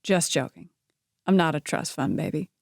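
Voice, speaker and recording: A woman's voice: low voice, big pitch swings, moderate pace, vocal fry, no room sound, clean studio sound, full character voice. Noah, a teasing young man, read by a woman. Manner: drolly joking, light.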